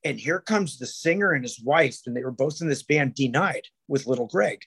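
A man's voice: mid-range voice, animated, moderate pace, gravelly, a bit bright, husky. A man as a podcast guest, telling rambling stories with heavy swearing and many restarts. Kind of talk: casual podcast chat.

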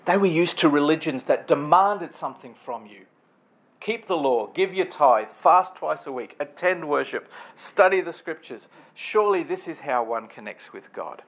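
A man's voice: fairly high pitch, animated, normal speed, a bit bright. A man preaching a sermon in a conversational, storytelling way, building emphatic lists.

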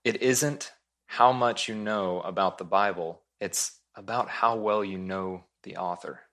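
A man's voice: sits low, unhurried, a bit bright. A man preaching a sermon as pastor, earnest and emphatic, repeating his key points.

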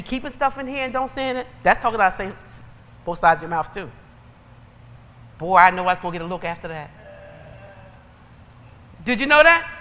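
Forceful woman preaching in an echoing hall. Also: fairly high pitch. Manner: lively, conversational preaching with rising exhortations. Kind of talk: sermon. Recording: long reverb of a large hall.

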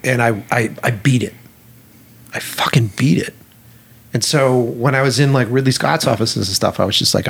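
Husky man telling stories, swearing freely. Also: medium pitch, moderate pace. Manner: animated, profane, acts out dialogue. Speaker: film director. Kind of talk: casual storytelling conversation.

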